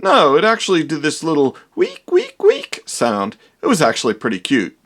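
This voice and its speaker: A man's voice: a little high, huge pitch swings, fairly quick, creaky, fairly bright tone, exaggerated voice. A man playing a vain, dramatic young doctor in a comedy parody, with theatrical, exaggerated delivery.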